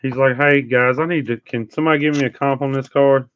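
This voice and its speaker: A man's voice: medium pitch, fairly even intonation, brisk. A man hosting a live trading card break, chatting casually and teasing viewers with sing-song hype calls. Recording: dull lo-fi stream audio.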